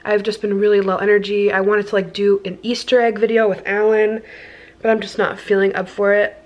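A woman talks to her camera at home while fighting a cold. Her voice sounds stuffed-up and congested, and she rambles in a loose, casual way, dropping "like" between thoughts. She speaks in a medium pitch. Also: level tone, fairly quick, highs cut off. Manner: rambling, full of "like" fillers. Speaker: vlogger. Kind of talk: casual vlog chat.

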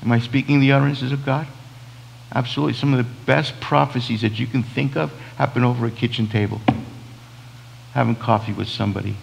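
A man's voice: medium pitch, fairly even intonation, a little fast, creaky, in a large hall, slight background noise, low-quality recording. A man, a pastor preaching a sermon in a conversational way, full of restarts and quoted asides. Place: church sanctuary.

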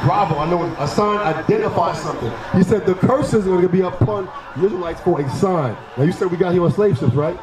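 A man preaching on a city street, forceful and confrontational, firing rhetorical questions at passersby. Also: sits high, a little fast, few pauses, roomy sound, background noise. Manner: forceful, fires rhetorical questions, repeats "right?".

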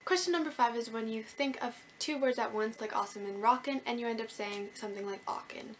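A woman's voice: a little high, quick pace, slight background noise. A young woman from Canada, a book vlogger chatting to camera in a bubbly, gushing and self-mocking way. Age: young adult. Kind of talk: casual chat to camera.

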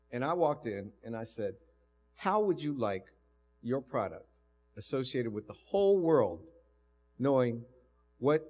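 An older man from the United States telling stories in a university lecture and acting out the voices he quotes. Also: mid-range voice. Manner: storytelling, animated, acts out quoted voices. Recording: lecture hall with long reverb.

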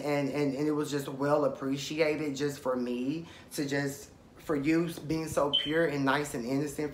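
A man's voice: on the high side, bright, forceful tone, roomy sound. Sassy, profane man with an East Texas accent. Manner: sassy, profane, dramatic, talks straight to people on the show. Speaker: commentary host reviewing a reality show. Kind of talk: casual commentary.

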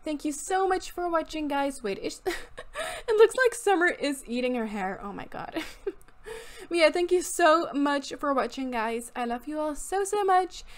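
Young woman streamer, high lively voice, giggly and gushing, casual game commentary. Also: a little slow. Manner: gushing, giggly, squeals at cute things. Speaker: gaming YouTuber. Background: fan noise.

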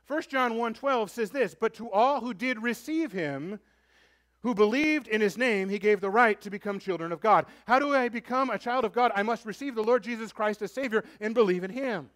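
A man preaching a sermon as pastor, earnest and pleading, building to emphatic points and then dropping low and soft. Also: moderate pace. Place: church.

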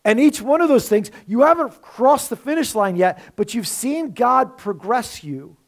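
High-voiced pastor preaching conversationally. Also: male voice. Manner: conversational preaching with rhetorical questions. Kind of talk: sermon.

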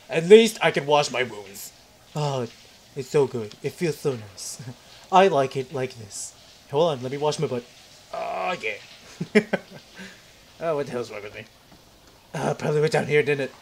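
Jokey young man with a lively voice. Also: medium pitch, a little slow, pauses often, a little hiss or hum. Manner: jokey, rambling self-talk. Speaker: gaming commentator. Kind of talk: let's play commentary.

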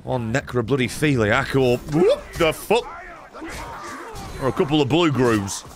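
A man, streaming a video game live, excitable and swearing, yelling at the game. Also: medium pitch, a little slow, music in the background. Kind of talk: live gameplay streaming chat.

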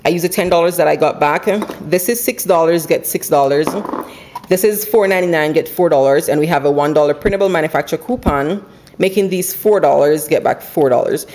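A woman chatting casually at home about her couponing haul, running through prices quickly and laughing now and then. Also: low voice, darkish tone, slight background noise. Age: adult with school-age kids. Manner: chatty, quick, runs numbers aloud, laughs often. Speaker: couponing vlogger. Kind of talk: casual haul video chat. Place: home, indoors.

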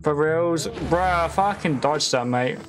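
A man commenting on his own gameplay live, excitable, swearing and laughing often, with sudden frustrated yelps. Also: a little high, unhurried, a crowd in the background. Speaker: streamer. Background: game music.

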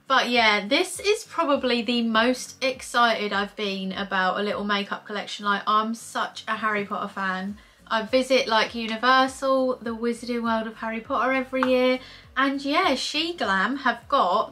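A young woman reviewing makeup in a chatty, excitable vlog, peppering her talk with fillers. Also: on the high side. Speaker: beauty vlogger. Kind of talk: casual product review.

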